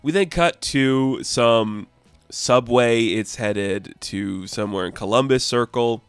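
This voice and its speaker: A man talking through a comic book review in an enthusiastic, chatty way, with quick plot recaps. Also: mid-range voice, clean tone, no echo, soft background music.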